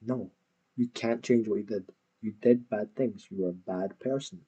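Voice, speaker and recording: A man's voice: lowish voice, moderate pace, slightly rough, dull audio. A man hosting a reaction video, talking back at a clip with scornful, swearing commentary.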